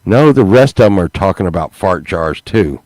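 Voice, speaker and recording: A man's voice: sits low, animated, normal speed, darkish tone, no echo. A man talking casually to his viewers in a rambling vlog, repeating himself and breaking into laughter. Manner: rambling, repetitive, laughs mid-sentence. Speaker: YouTube vlogger.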